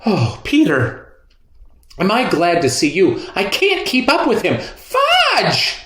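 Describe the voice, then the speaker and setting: A man voicing a frazzled mother who talks in a flustered, hurried way. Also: mid-range voice, wildly swooping pitch, voice pushed up. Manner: breathless, flustered. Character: frazzled mother chasing her toddler. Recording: roomy echo.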